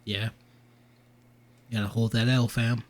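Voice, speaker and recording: A man's voice: on the low side, level tone, measured pace. A man hosting a casual podcast, laid-back and slangy with casual swearing, sleepy and with a sore throat. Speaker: podcast host. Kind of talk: casual late-night podcast chat.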